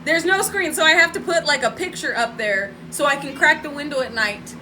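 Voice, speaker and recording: High bright chatty woman vlogger. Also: fairly quick, a little hiss or hum, rough recording. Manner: chatty, laughing, talks to viewers and her cat. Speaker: spiritual vlogger. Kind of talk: casual live-stream storytelling. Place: home room.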